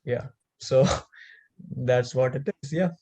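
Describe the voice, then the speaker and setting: A man's voice: mid-range voice, slow, warm tone. Podcast guest, young man, Indian accent, earnest and encouraging, casual talk. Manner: earnest, encouraging advice-giving.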